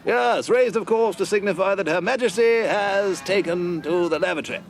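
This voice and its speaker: Gravelly old upper-class English colonel, rambling comic commentator, mutters asides. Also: male voice, high voice, normal speed, slight background noise. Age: older. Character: doddery posh old English ex-army commentator, lecherous.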